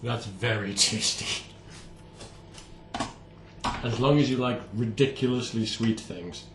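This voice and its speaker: A man's voice: medium pitch, slow. Man, home baker, casual cooking vlog, wry asides, echoey kitchen, faint background hum. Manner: playful, self-mocking asides.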